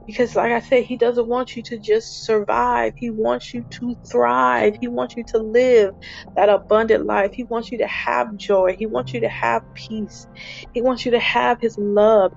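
A woman's voice: medium pitch, vocal fry. A woman hosting a devotional podcast, speaking earnestly and repeating her phrases for emphasis. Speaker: podcast host. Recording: dull lo-fi recording, faint music.

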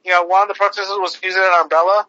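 A man's voice: sits high, little pitch movement, racing, sharp tone, no echo. A man hosting a podcast, ranting casually with heavy swearing, lots of fillers and restarts. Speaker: podcast host. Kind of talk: casual profane podcast rant. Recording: dull lo-fi recording.

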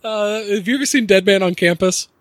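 A man's voice: high voice, a little fast, no room sound. A man hosting a podcast in casual chat, swearing a lot, laughing often and slipping into mock voices. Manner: profane, giggly, slips into mock voices. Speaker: podcast host.

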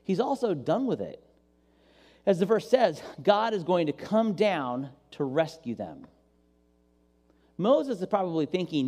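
A male pastor giving an animated, playful sermon and acting out voices, recorded with long hall reverb. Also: high voice, unhurried, long pauses.

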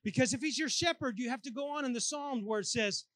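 A man's voice: extremely high pitch, fast, a bit bright, dry recording. A man preaching a sermon in a church, acting out his own prayers as he talks. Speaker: pastor. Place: church sanctuary.

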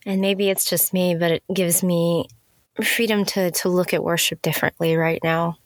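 A woman's voice: fairly low pitch, little pitch movement, moderate pace, no echo. A woman podcast host and seminary student speaking casually, reflective and earnest.

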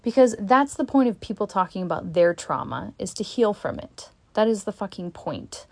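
A woman speaks straight to camera in a frustrated, blunt venting monologue, swearing freely and breaking off into sighs and halting restarts. Her voice sits at an ordinary middle pitch. The sound is close and dry, with no room around it. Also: very animated, creaky, no room sound. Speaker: vlogger.

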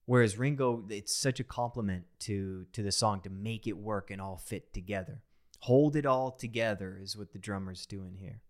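A young man enthusiastically talking through a song as a reaction host, in a rambling, excited way. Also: fairly low pitch, normal speed. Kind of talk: casual reaction commentary.

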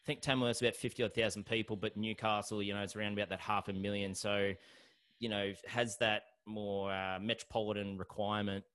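A man's voice: on the low side, flat delivery, a bit bright. An Australian man hosting a podcast, chatting casually and upbeat with a guest. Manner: chatty and upbeat, with quick asides. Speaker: podcast host. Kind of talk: casual interview chat.

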